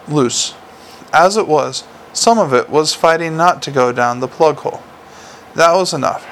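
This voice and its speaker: A man narrating an audiobook in a dry, steady storytelling manner. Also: fairly high pitch, gravelly, a little hiss or hum.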